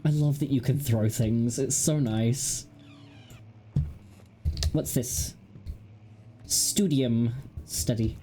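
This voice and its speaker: A woman's voice: rumbling low, very slow, pauses often, warm tone, slight background noise. A woman hosting a gaming video, chatting casually and giggling with wry asides as she plays. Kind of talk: casual let's-play commentary.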